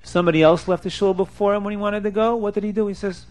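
A man with a fairly high voice tells a story to a class of boys. He keeps it animated, leaping in pitch and acting out each speaker in the tale. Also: fast talker, hardly any pauses. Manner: animated, jumps in pitch and acts out quotes. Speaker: teacher telling a story to boys. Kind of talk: storytelling lesson.

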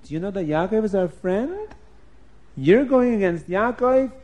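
A man voicing fierce angel generals who challenge and command in loud shouts. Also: sits high, animated, unhurried, dull audio, pitched above the performer's own voice. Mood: challenging. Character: army of mighty angels, male generals, fierce.

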